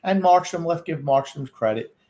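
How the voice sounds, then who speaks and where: A man's voice: fairly high pitch, animated, normal speed, mellow. A man co-hosting a hockey watchalong podcast, making dry, wry remarks about the game. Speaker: podcast co-host. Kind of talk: casual sports commentary.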